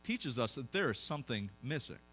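A man's voice: mid-range voice, big pitch swings, brisk, a bit bright, faint music behind. A pastor preaching a conversational sermon to his congregation, asking them questions as he goes.

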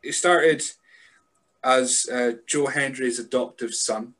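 A man hosting a podcast, asking questions and adding joking asides with halting restarts. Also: medium pitch, fairly bright tone. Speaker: podcast host. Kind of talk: casual podcast chat.

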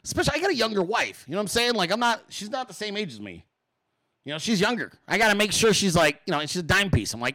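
A man hosting a live show, ranting without a script to his chat, swearing constantly and acting out quotes in exaggerated high voices. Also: very animated, quick pace, bright, forceful tone, no echo, studio quality. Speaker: livestream host. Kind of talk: profane unscripted rant to a live chat.

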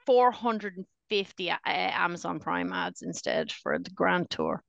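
Middle-aged Australian woman, podcast co-host, low gravelly voice, quick jokey asides. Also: wildly swooping pitch, fairly bright tone, dry recording, muffled recording. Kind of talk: casual chat.

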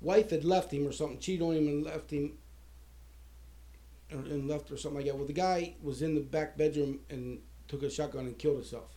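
Man, high register, casual swear-heavy anecdote, acts out the people in it. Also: brisk, dark tone. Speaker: storyteller.

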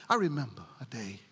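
A middle-aged woman preacher giving a sermon, mixing animated preaching with folksy stories about her family. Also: rumbling low, slightly rough, in a large hall.

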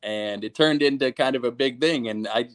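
A young man speaking as a podcast guest. He talks at a middle pitch, hesitating and laughing softly as he recounts a story. The sound is dry and close. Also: moderate pace, dry recording. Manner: hesitant, many fillers, laughs while recalling. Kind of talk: casual chat.

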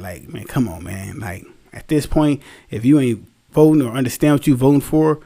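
A man's voice: medium pitch, moderate pace, vocal fry, warm tone. A young man, tired, talking bluntly and casually in a rambling, slangy opinion monologue, swearing freely. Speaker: solo commentary host.

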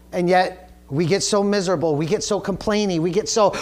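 A man preaching a sermon as pastor, retelling a story loosely with many fillers and restarts, then rising higher and louder as he drives his point home. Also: a little fast, hardly any pauses.

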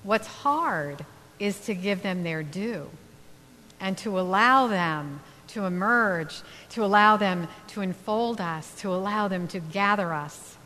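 A woman minister giving a sermon in a church, speaking in a reflective way with gentle pauses. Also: medium pitch, expressive. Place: church sanctuary. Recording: long hall reverb, faint hum.

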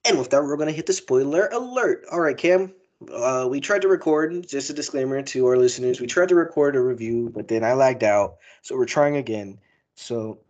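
A man's voice: medium pitch, a little mellow. A young man hosting a casual movie review podcast, talking in a rambling, profane, emotional way. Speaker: podcast host.

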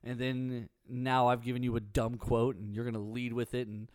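A man co-hosting a podcast, telling animated stories in casual chat. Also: mid-range voice, normal speed, clear, resonant tone, no echo, clean studio sound. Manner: animated storyteller. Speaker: podcast co-host.

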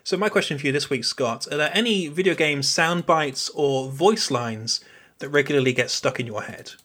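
Guy hosting a podcast, rambly casual chat, bright sharp voice. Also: fairly high pitch, moderate pace. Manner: rambling, chatty. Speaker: podcast host.

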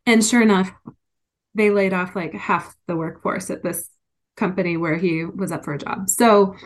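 Woman guest on a podcast, lowish voice, opens up about her past, candid. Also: fairly even intonation, normal speed. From United States. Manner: candid, emotional storytelling. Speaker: interview guest. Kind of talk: personal story in an interview.

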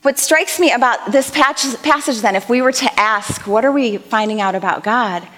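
Young woman preaching, kinda high voice, chatty and earnest, long echo from the church hall. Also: moderate pace. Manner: earnest, animated, conversational with scripture readings. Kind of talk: sermon. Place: church auditorium.

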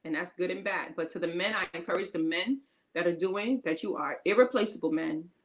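Her voice is lowish and a little fast, caught on a low-quality recording with slight background noise. She co-hosts a faith-based podcast, encouraging listeners emphatically in casual, informal talk and repeating her key phrases.

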